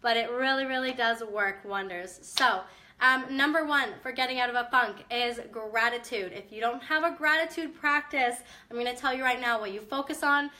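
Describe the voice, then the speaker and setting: A woman's voice: a little high, normal speed, sharp tone. A young woman, a mom with a chest cough, giving casual, upbeat motivational talk to her viewers with direct encouragement. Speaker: mom vlogger.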